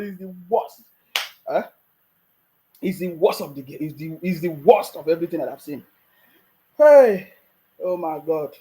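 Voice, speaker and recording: A man's voice: high voice, warm tone, poor audio. A Nigerian man giving mocking political commentary, laughing often and repeating his taunts.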